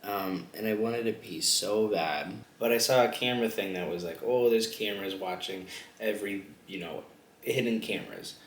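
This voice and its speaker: A man's voice: fairly low pitch, normal speed. A young man vlogging a mukbang in casual chat, rambling with lots of fillers and giggles. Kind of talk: casual chat while eating on camera. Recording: echoey room with faint ambient noise.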